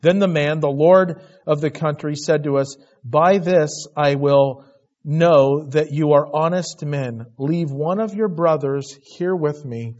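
A man's voice: fairly high pitch, darkish tone. A man preaching an expository sermon, reading scripture aloud and retelling it in a conversational way, building emphasis as he goes. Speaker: Bible teacher. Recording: dull lo-fi recording.

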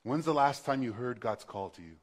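A man's voice: mid-range voice, animated, brisk. A male pastor preaching a sermon in a conversational, passionate way, building to emphatic bursts.

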